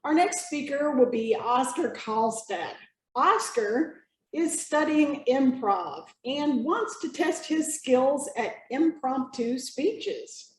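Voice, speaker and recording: A woman hosting an online club meeting, introducing speakers in a measured way. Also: high voice, echoey room, low-quality recording. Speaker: meeting host.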